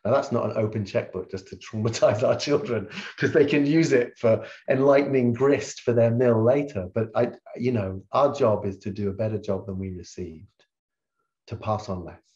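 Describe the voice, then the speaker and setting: A middle-aged man, a hypnotherapist, telling personal stories candidly over a video call, getting animated and loud as he relives them. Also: mid-range voice, moderate pace, muffled recording. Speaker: guest speaker, hypnotherapist. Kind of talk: candid conversational storytelling.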